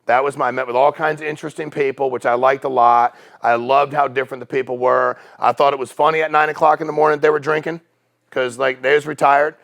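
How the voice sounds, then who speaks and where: A man's voice: mid-range voice, quick pace, creaky. A middle-aged man telling stories casually to a business meeting, acting out the people in them. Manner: casual, animated storyteller acting out quoted voices. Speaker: company CEO speaking at a sales meeting. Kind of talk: storytelling talk to a business audience.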